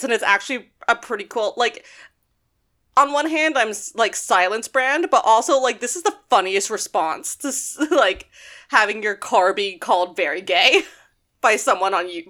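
Bright-voiced woman chatting on a podcast. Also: on the high side. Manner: rambling, restarts, animated asides. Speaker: podcast co-host. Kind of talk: casual chat.

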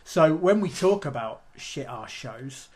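A man's voice: a little high, animated, measured pace. A man co-hosting a casual podcast chat with dry humour and jokey asides. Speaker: podcast co-host.

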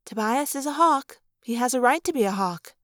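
A woman voicing a soft-hearted teenage girl who speaks gently. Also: high-pitched, expressive, normal speed, no echo, clean studio sound, pitched above the performer's own voice. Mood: gentle.

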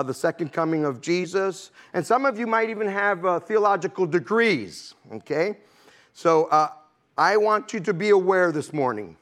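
A man with a high-pitched voice delivers a relaxed, chatty sermon to a congregation. He keeps the crowd engaged by asking "amen?" and "okay?", with a light laugh now and then between points. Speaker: preacher.

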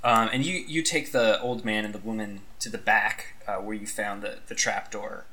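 A man's voice: on the low side, steady tone, normal speed, sharp tone. A man narrating a tabletop game as game master, rambling and hedging with lots of "sort of".

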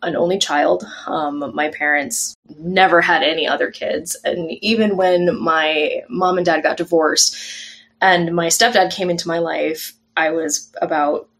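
Low-pitched woman guest thinking aloud. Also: fairly even intonation, measured pace, a bit bright. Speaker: podcast guest. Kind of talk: casual podcast chat.

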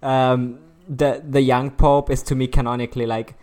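A podcast co-host making dry, deadpan quips in casual chat. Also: medium pitch, moderate pace, a crowd in the background.

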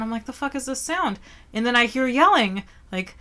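A woman's voice: fairly high pitch, animated, fairly quick, bright, forceful tone. A woman co-hosting a casual podcast who laughs often and shrieks when she acts out other people. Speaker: podcast co-host. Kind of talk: casual chat.

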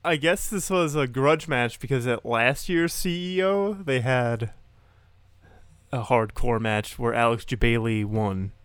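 A man's voice: medium pitch, a little slow, fairly bright tone, smooth, dry recording. A man co-hosting a casual wrestling podcast, swearing casually and laughing a lot. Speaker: podcast co-host.

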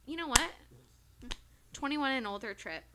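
A woman's voice: high voice, expressive, moderate pace, heavy background noise. A woman co-hosting a casual podcast, telling chatty stories between laughs. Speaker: podcast co-host. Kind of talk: casual chat.

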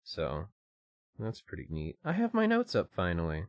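A man's voice: deep voice, wildly swooping pitch, moderate pace, dry recording, muffled recording. A young man co-hosting a podcast in casual, rambling chat, with loose phrasing and casual swearing. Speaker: podcast co-host.

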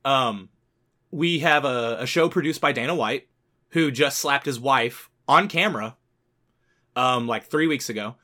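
A man with a bright, forceful voice co-hosts a casual podcast. He rants with heat, swears freely and keeps building his anger from point to point. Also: medium pitch, unhurried. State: sick. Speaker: podcast co-host.

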